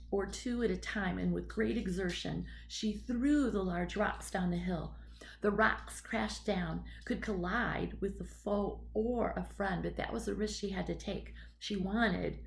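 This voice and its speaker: A woman reads a storybook aloud in a steady, measured way. Her voice sits at a middle pitch, with a gravelly fry running through it. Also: slight background noise, low-quality recording. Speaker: audiobook narrator. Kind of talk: scripted narration.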